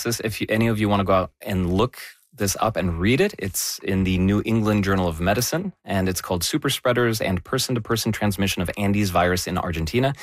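Lowish-voiced guy explaining news, chatty, fixes his words as he goes, dry mic. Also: dry recording. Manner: explanatory, animated, corrects himself mid-sentence. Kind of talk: conversational news discussion.

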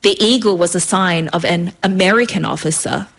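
A woman's voice: fairly low pitch, moderate pace. A woman reading her own story aloud in a vivid, rhythmic way. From Australia.

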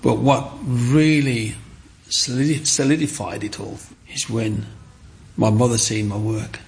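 An older man with a gravelly, creaky voice. He tells his stories with animated warmth, at an ordinary pitch, and now and then slips into other people's voices. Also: unhurried, slight background noise. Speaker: interviewee. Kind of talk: storytelling interview.

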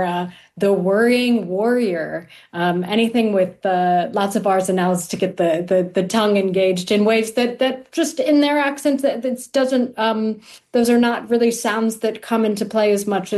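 A woman's voice: mid-range voice, a little mellow. Woman dialect coach explaining. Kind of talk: interview answers.

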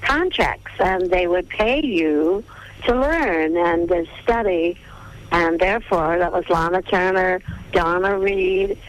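An older woman who grew up in Texas, a veteran film star reminiscing in a radio interview over the phone, listing names at an unhurried pace. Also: fairly low pitch. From Texas, USA. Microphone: telephone. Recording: tinny phone line, radio broadcast.

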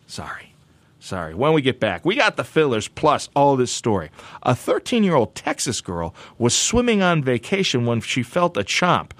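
Animated joking male show host. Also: medium pitch, normal speed, no room sound. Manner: playful, animated, full of restarts and asides. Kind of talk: joking broadcast segment.

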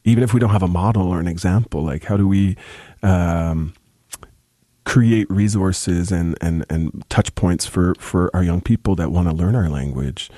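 A young adult man with a deep, gravelly voice, speaking as an interview guest in a thoughtful, halting way with many restarts. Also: dark tone, no room sound, clean studio sound. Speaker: musician guest. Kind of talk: casual interview talk.

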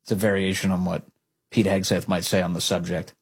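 A man hosting a radio talk show, giving animated, opinionated, sarcastic commentary with a raspy voice. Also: deep voice, a little fast.

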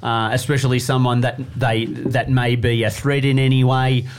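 A man's voice: medium pitch, normal speed, soft background music. A man with an Australian accent, co-hosting a podcast and telling stories in casual chat, acting out the people he quotes. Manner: animated storyteller, acts out quotes. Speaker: podcast co-host.

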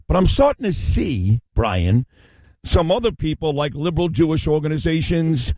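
A talk radio host, a man with a mellow, dark voice and slightly high pitch, recorded dry. He speaks bluntly and emphatically, brushing off objections. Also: very animated, moderate pace, no echo. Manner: blunt, emphatic, plain-spoken. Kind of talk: opinionated talk radio interview.

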